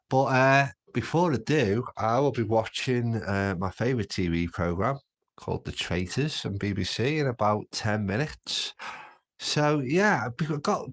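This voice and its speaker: A man from Birkenhead with a Scouse accent, hosting a casual livestream and chatting through comments with easy laughs. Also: mid-range voice. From Birkenhead, England. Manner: chatty, laughs easily, frequent restarts. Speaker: livestream host. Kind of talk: casual live chat reading comments.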